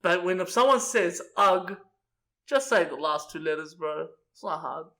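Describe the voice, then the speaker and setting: High-voiced young man, blunt. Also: animated, normal speed, sharp tone. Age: young adult. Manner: blunt, crude, laughs a lot. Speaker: podcast co-host. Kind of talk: casual chat.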